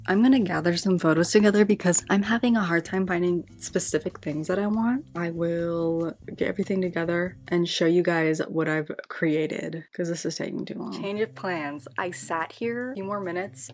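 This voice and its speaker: A young woman in casual vlog chat, chatty and quick to get excited or exasperated. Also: lowish voice. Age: young adult. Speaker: vlogger.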